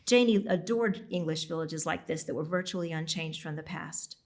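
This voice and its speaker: A woman author reading her own novel aloud at a library event, steady, with the odd slip and apology. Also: low voice, normal speed.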